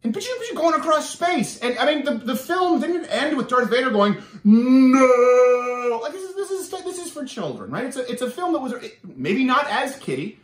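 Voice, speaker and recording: A man's voice: very high voice, a little fast, hardly any pauses, reverberant. A young man from Canada, hosting his show with an opinionated, sarcastic monologue full of restarts. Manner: animated, sarcastic, with many restarts. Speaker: show host.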